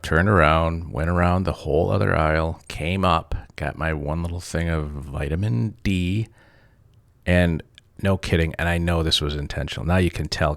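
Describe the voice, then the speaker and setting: Podcast host, male, rumbling bass voice, dry close sound, casual self-mocking storyteller. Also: fairly even intonation, normal speed, creaky, a bit bright, no room sound. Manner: blunt, swears freely, self-mocking.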